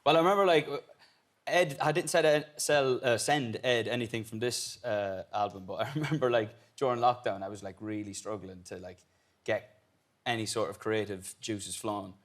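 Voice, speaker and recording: An Irish man in his thirties sits as a relaxed guest on a talk show. He speaks casually, with small laughs and halting restarts. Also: fairly low pitch. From Ireland. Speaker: singer-songwriter guest. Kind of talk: casual chat-show interview.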